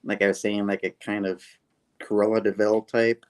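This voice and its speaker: A man's voice: on the low side, level tone, moderate pace. A man co-hosting a casual comic book review, retelling the story animatedly and laughing often. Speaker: co-host.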